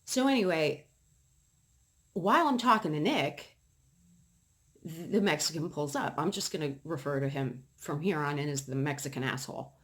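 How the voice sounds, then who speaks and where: A woman's voice: sits low, lively intonation, normal speed, pauses often. Heated, swearing woman ranting animatedly. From New England. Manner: heated, profane, emphatic ranting. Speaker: vlogger. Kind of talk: casual ranting storytime.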